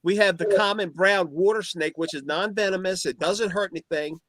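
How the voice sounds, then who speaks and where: A man's voice: high voice, moderate pace, fairly bright tone, dry recording. A man chatting emphatically and often repeating how he starts his sentences. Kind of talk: casual chat on a video call.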